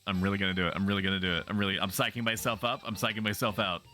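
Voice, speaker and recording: Bright-voiced man streaming with chat. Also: lowish voice, little pitch movement, racing. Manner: playful, teasing, bawdy, chatty with viewers. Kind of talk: casual gaming commentary.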